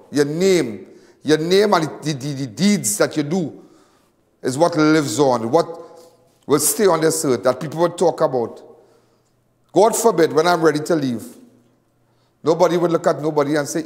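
A middle-aged man with a Trinidadian accent, hosting and speaking to viewers in an impassioned monologue, repeating himself and swinging between loud and hushed. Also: a little high, animated, normal speed, long reverb tail. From Trinidad and Tobago. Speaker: host.

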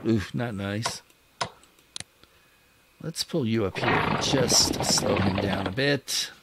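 Slow-talking man narrating a wargame. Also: fairly low pitch, very noisy. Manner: thinks aloud, bursts into cheers at wins. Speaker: gaming channel host. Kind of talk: wargame let's-play commentary. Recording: loud game battle sounds behind voice. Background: loud artillery and gunfire from the game.

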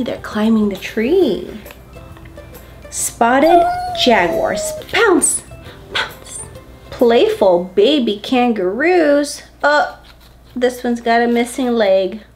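A woman reads a picture book aloud to small children, slow and unhurried, her voice bouncing up and down with lively delight. She coaxes her listeners with gasps and questions, a little higher than most women, while soft music plays faintly behind her. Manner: playful, coaxing, with gasps and kid-directed questions. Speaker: host reading to preschoolers.

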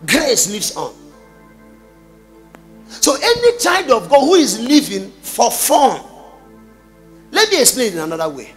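Animated Nigerian preacher with a high, lively voice. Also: male voice, measured pace, long pauses, soft background music. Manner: animated preaching, bursts of shouting and rhetorical questions. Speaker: pastor. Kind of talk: sermon.

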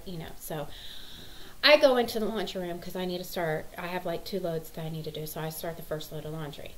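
A woman's voice: on the low side, steady tone, fast talker, a little hiss or hum, rough recording. A woman, rambling through a story about her kids, exasperated. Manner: exasperated, rambling, acts out quotes. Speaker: mother vlogger. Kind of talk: casual storytelling vlog.

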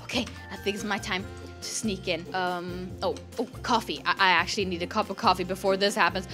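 A young woman giving playful gameplay commentary, excitable and gasping, often dropping to a hushed, sneaky tone. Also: medium pitch, a little fast, over music. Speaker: gaming channel host.

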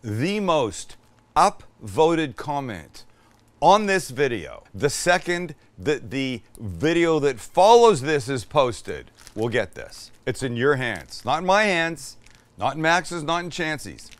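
A man's voice: fairly high pitch, big pitch swings, slow pace, no echo. Joking man hosting a cooking show. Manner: joking, talks to the crew while cooking. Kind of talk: casual cooking demonstration.

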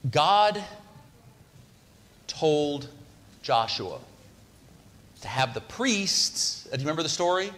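A man's voice: a little high, very animated, takes it slowly, pauses often, fairly bright tone. A man preaching a sermon in a church, talking conversationally and putting questions to the congregation. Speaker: pastor. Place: church sanctuary. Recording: long hall reverb.

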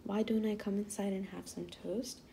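A stern storybook police officer who likes his rules, voiced by a woman reading aloud. Mellow and a little gravelly, delivered in a measured, hushed way. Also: mid-range voice, fairly even intonation, slight background noise, natural voice. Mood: officious.

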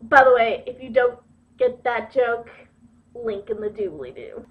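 A young woman talking to camera in a casual vlog, playful, giggly and quick to poke fun at herself. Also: a little high, lively intonation, slight background noise. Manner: giggly, playful and self-mocking. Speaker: video blogger. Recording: dull lo-fi webcam audio.

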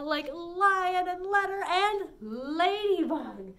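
Lively high-voiced children's librarian woman. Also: slow, hardly any pauses. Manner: bright, sing-song, encouraging. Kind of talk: preschool story time with songs.

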